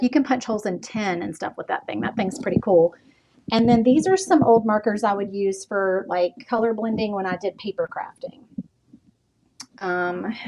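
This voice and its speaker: Chatty woman, rambling craft room tour. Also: mid-range voice. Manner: rambling, chatty, many ums and likes. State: slightly out of breath. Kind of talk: casual live-stream chat. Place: home craft room, walking around. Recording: loud background noise with clicks.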